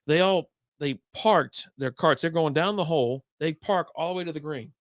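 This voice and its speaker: A man co-hosting a casual podcast, telling golf stories with lots of laughter, acting out shouted quotes and swearing freely. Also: a little high, moderate pace, no room sound, studio quality. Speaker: podcast co-host. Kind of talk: casual chat, storytelling.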